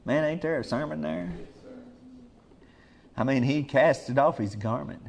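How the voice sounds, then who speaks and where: Brief: male preacher mid-sermon, emphatic, drops soft, then rises loud and urgent. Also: mid-range voice, measured pace, creaky, slight background noise. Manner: emphatic, swings between soft murmurs and loud urgent calls.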